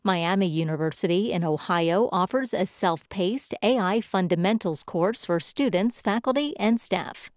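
A woman correspondent reading a scripted radio news report in a clear, even manner. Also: fairly low pitch, moderate pace, few pauses, no echo, clean studio sound.

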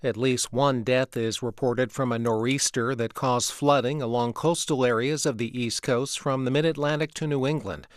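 A man reading the news as a radio newscaster, in a measured, even delivery from a studio. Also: mid-range voice, no room sound. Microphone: studio microphone.

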